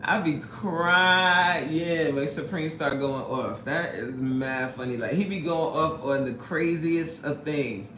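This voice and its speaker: A woman's voice: deep voice, takes it slowly, hardly any pauses, fairly bright tone. A woman hosting a casual live stream, chatting and greeting viewers, laughing often, indoors at her workplace. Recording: roomy echo, faint background noise.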